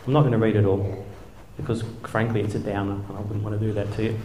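A man's voice: fairly low pitch, little pitch movement, fast, background noise. A middle-aged man, a former church leader telling self-deprecating stories to a live audience. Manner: self-deprecating, wry, chuckling asides. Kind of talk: humorous storytelling talk. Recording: echoey hall.

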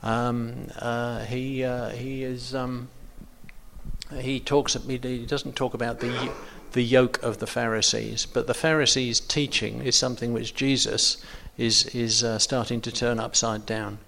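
A man's voice: medium pitch, flat delivery, a little slow, creaky, sharp tone, slight background noise. A man leading an informal Bible study, talking hesitantly with many ums and restarts.

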